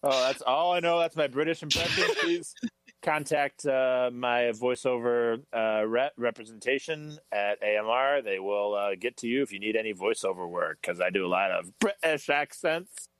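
A man's voice: medium pitch, moderate pace, a bit bright, dry recording, poor audio. A man co-hosting a casual comedy podcast chat, easygoing and jokey. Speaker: podcast co-host.

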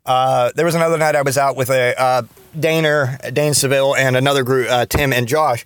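A man's voice: mid-range voice, steady tone, a little fast, fairly bright tone, clean tone, dry recording. A man in his thirties telling rambling, profane stories from his past in a casual podcast monologue, full of restarts and fillers. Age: 30s. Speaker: podcast host.

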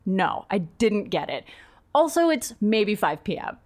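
A woman in her thirties telling a funny story in casual chat, laughing often and acting out the lines of the people she quotes. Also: unhurried. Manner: animated, laughing, acts out quoted lines in a higher voice.

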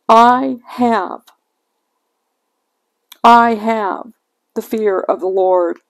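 A woman's voice: fairly high pitch, darkish tone. An older woman hosting a devotional podcast, sharing a heartfelt personal reflection on scripture with sighs and emotion in her voice.

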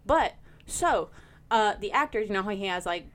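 A woman's voice: medium pitch, lively intonation, normal speed. A woman guesting on a casual podcast, chatty and giggly, drifting into tangents. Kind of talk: casual chat.

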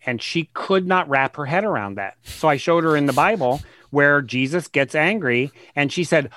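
A man, a guest author, explaining his ideas in an interview, earnest and emphatic, slowing down to stress key words and retelling conversations as examples. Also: fairly high pitch, expressive, fairly bright tone, no room sound, studio quality.

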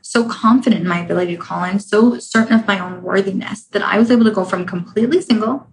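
A woman speaking as a relationship coach, chatty and direct, often checking in with "right?" and "okay?". Her voice sits at an ordinary middle pitch. A faint noise hums under the recording. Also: fast talker. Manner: acts out inner voices in quoted asides. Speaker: relationship coach and podcast host. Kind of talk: casual coaching monologue.

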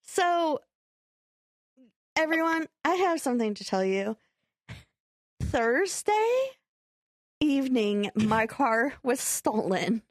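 A woman's voice: high voice, slow pace, long pauses, no room sound, clean studio sound. A young woman co-hosting a podcast, telling a story in casual chat and acting out what people said. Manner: animated storyteller, acting out quotes with laughter. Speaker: podcast co-host.

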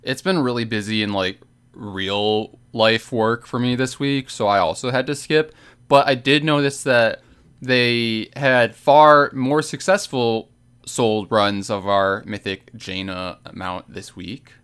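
A man co-hosting a casual gaming podcast, talking in a relaxed way with frequent "like" and quick laughs. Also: medium pitch, smooth. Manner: relaxed, laughing, lots of fillers.

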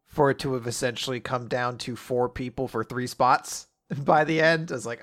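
A man's voice: mid-range voice, steady tone, moderate pace, fairly bright tone, no room sound, clean studio sound. A man co-hosting a casual show who recaps comic chapters in a loose way and laughs easily. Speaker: podcast co-host.

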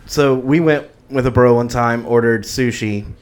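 A podcast host telling a story in a casual chat, relaxed, joking and swearing. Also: male voice, mid-range voice, a little slow, smooth.

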